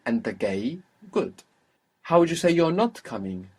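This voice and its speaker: A man's voice: mid-range voice, sing-song, brisk, darkish tone, slightly rough. A man teaching a language lesson, patiently prompting his student with questions and repeating the answers.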